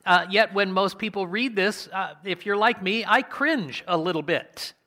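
A man preaching a sermon in a conversational way, asking his congregation questions and slowing down to stress key words. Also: high voice, bright, forceful tone. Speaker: pastor.

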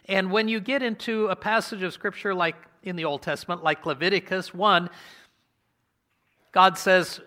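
A man preaching a sermon in a conversational way, asking his congregation questions and slowing down to stress key words. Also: high-pitched, fairly even intonation, pushed and bright. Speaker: pastor.

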